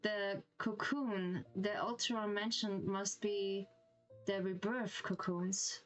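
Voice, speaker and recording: Slow-talking giggly German-accented woman. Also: medium pitch, steady tone, faint music behind, poor audio. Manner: giggly, gushing reactions. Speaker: streamer. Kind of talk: reading a game story aloud.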